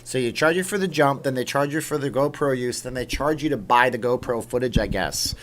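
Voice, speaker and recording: A man's voice: mid-range voice, fairly quick, a bit bright. A man from Canada hosting a late-night livestream, chatting casually and reacting to viewer comments as he reads them. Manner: chatty, rambling, reacts aloud to chat comments. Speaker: livestream host. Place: home room with green screen.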